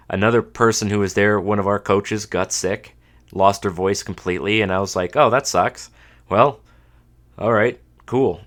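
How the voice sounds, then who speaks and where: A man's voice: on the low side, fairly bright tone. A man in his thirties from Canada hosting a solo podcast, talking casually with dry, self-mocking humor and sounding a little stuffed up from a cold. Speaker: podcast host.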